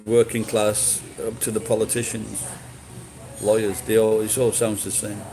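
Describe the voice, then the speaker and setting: A man's voice: fairly low pitch, little pitch movement, moderate pace, low-quality recording. Rambling sweary man. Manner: rambling, sweary, frequent restarts. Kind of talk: casual chat.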